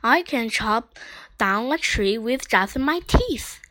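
A woman's voice: fairly high pitch, lively intonation, slow, sharp tone, no echo, exaggerated voice. A woman voicing a proud female beaver who croons and drawls, in a storybook reading. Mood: boastful.

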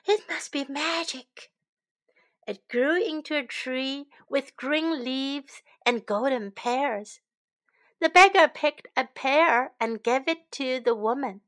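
Slow, bright-voiced woman storyteller. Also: high voice. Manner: slow, clear, teacherly. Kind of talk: storybook reading for English learners.

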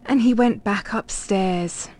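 A woman reading a children's picture book aloud, clear and expressive. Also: mid-range voice, slow pace. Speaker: storybook reader.

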